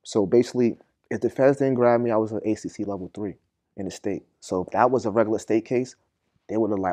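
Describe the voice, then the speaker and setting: A man's voice: lowish voice, fast, dark tone, no room sound. A young man from telling his prison story in a podcast interview, heavy on slang and "you feel me.". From Boston, Massachusetts. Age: young adult. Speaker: guest.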